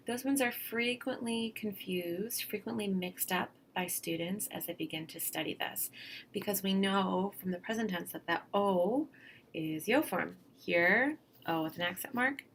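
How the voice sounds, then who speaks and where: Woman, Spanish teacher, chatty, encouraging, gravelly voice, faint background hiss. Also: lowish voice, fairly bright tone. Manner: chatty, encouraging, plain-spoken. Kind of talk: recorded slide lesson.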